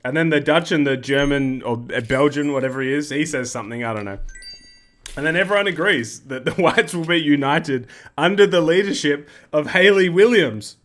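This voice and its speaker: A man's voice: a little high, moderate pace, a bit bright. A man hosting casual game commentary, rambling and joking and often interrupting himself. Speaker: gaming video host.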